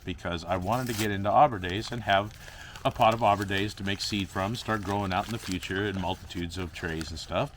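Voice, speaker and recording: A man's voice: lowish voice, fairly bright tone, slight background noise. A young man rambling goofily to himself and his viewers while repotting plants in a casual vlog. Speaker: plant grower vlogger.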